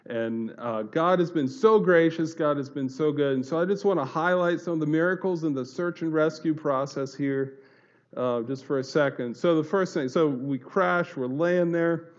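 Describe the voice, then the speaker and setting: A man giving a personal testimony to an audience, telling it in an earnest, halting way with many fillers and restarts. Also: a little high, lo-fi sound. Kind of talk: earnest spoken storytelling to an audience.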